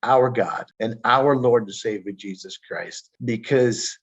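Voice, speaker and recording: A man's voice: mid-range voice, slow pace. A man telling his own story as a podcast guest, earnest and emotional, often stumbling and repeating words. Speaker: stroke survivor guest. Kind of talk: personal storytelling. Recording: dull lo-fi audio.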